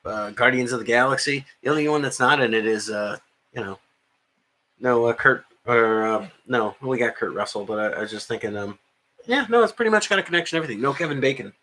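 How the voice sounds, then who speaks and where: Bright-voiced man rambling about movies. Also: mid-range voice, animated, fast, slight background noise. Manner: rambling, many fillers and restarts. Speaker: podcast co-host. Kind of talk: casual chat about movies.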